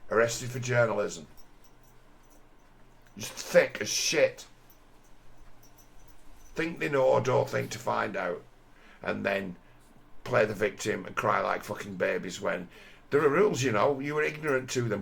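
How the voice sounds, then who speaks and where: A man's voice: fairly low pitch, moderate pace, gravelly, fairly bright tone. A man giving a crude, scornful commentary over a video, often mimicking the people he mocks.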